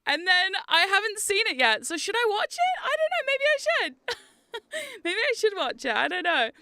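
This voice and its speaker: A woman's voice: extremely high pitch, huge pitch swings, normal speed, pushed and bright, no echo, clean studio sound. A woman streamer chatting casually to her viewers on a livestream, laughing often and swearing freely.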